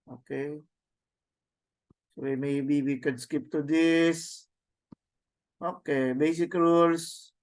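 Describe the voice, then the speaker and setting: A man teaching a class, slowly sounding out words and repeating them with tag questions. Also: a little high, flat delivery, a little mellow. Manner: slow, repetitive drilling with tag questions. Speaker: Greek teacher. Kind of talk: classroom lesson, reading words aloud.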